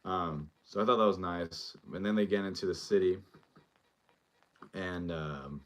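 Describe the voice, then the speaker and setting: A man's voice: low-pitched, measured pace, a bit bright. A male show host giving a casual, rambling recap and review of a TV episode, full of fillers as he retells scenes.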